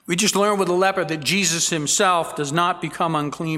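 A man's voice: a little high, fairly even intonation, brisk, hardly any pauses, sharp tone, in a large hall. A man preaching an expository sermon, reading scripture aloud and stressing key words earnestly. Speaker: pastor.

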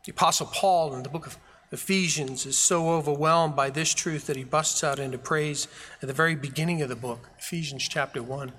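A man's voice: a little high, steady tone, brisk, fairly bright tone, slight background noise. A man preaching a sermon as pastor, with emphatic, repeated phrases. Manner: preaching with rising fervor, emphatic repetition. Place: church sanctuary. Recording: long reverb of a large hall.

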